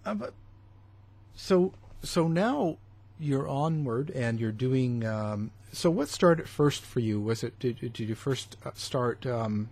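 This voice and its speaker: A man interviewing a guest, asking halting, hesitant questions full of fillers. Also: mid-range voice, animated, gravelly, darkish tone, husky, dry recording. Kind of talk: casual interview.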